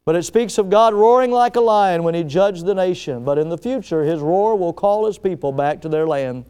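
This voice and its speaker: Dramatic preacher man with a smooth voice. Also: high-pitched. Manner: dramatic preaching that swells loud then drops to soft, slow emphasis. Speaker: pastor. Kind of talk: sermon.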